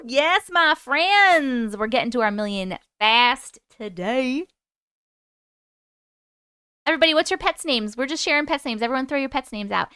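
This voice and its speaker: Bright, crisp-voiced woman chatting on a live stream. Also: high-pitched, expressive, moderate pace, dry recording, clean studio sound. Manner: chatty, laughs often, reacts to viewer comments. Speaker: YouTube live host. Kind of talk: casual live-stream chat reading comments.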